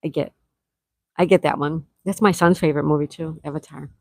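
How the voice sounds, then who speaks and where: Middle-aged woman host from Florida, slightly low voice, chatty, reads chat aloud, dry close sound. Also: steady tone, fairly quick, gravelly, darkish tone, no echo, low-quality recording. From Florida, USA. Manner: chatty, greets viewers by name, reads their comments aloud. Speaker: livestream host. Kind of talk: casual chat, reading live chat aloud.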